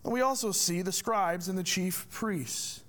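Male pastor, higher-pitched voice, preaching with emphatic rhetorical questions. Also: a little slow, fairly bright tone. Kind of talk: sermon.

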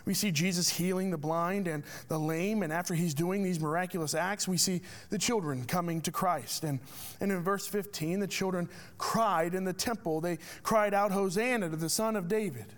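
A man's voice: sits high, normal speed, fairly bright tone. A man preaching a sermon as a pastor, asking rhetorical questions with emphatic delivery.

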